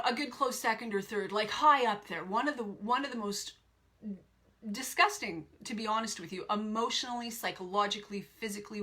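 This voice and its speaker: A woman's voice: a little high, bright, forceful tone. A woman life coach in her forties telling a personal story to her viewers, emphatic and repeating phrases for weight.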